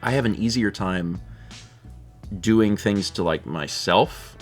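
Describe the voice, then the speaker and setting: A man's voice: fairly low pitch, slow pace, soft background music. A man co-hosting a live stream, chatting casually and reading out viewer messages with a laid-back manner and frequent chuckles.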